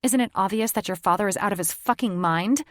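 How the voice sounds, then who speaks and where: A woman's voice: medium pitch, fairly quick, no room sound, studio quality, close to an everyday voice. Woman playing a fiery, snapping young heroine. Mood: furious. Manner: angry, snapping, blunt.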